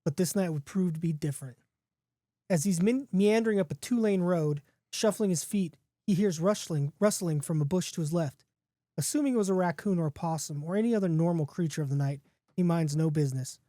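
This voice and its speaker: A man's voice: fairly high pitch, a little fast, warm tone, no room sound, studio quality. A podcast host reading his own spooky story in a casual, playful way, with a few restarts.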